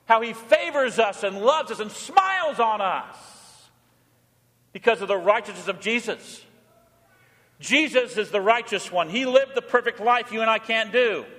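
A man's voice: high voice, expressive, a little slow, fairly bright tone. A man preaching a sermon as pastor in a church, jovial and teasing, with rhythmic emphasis. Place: church sanctuary. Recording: reverberant church hall.

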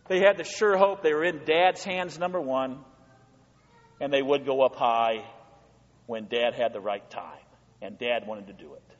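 A male pastor preaching a sermon in a church, folksy and repetitive, building up to rhythmic lists. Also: a little high. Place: church sanctuary. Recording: long hall reverb, dull lo-fi sound.

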